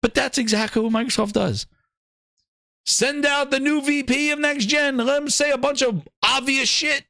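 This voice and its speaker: A man's voice: extremely high pitch, normal speed, gravelly, no echo, studio quality. A man hosting a gaming podcast, ranting sarcastically and swearing freely in casual commentary. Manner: profane, sarcastic, animated. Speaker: podcast host.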